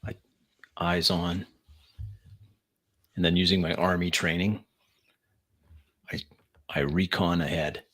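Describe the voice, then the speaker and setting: A man's voice: low-pitched, fairly even intonation, takes it slowly, pauses often, fairly bright tone. A man playing a tabletop game, speaking in a terse, matter-of-fact way. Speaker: player. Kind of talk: casual tabletop play.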